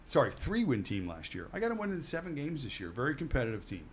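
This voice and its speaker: A man co-hosting a sports show in quick, playful banter. His voice rises and falls freely as he argues his picks. A faint noise sits under the recording. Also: medium pitch. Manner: lively, upbeat, quick-firing picks. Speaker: sports radio co-host. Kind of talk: casual sports betting chat.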